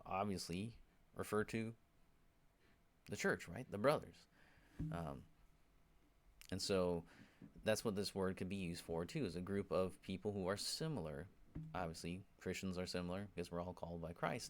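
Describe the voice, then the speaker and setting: Gravelly low-voiced man teaching scripture. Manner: informal, keeps checking in with "right?" and "you know"; grows emphatic when exhorting. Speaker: Bible teacher. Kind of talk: conversational Bible teaching.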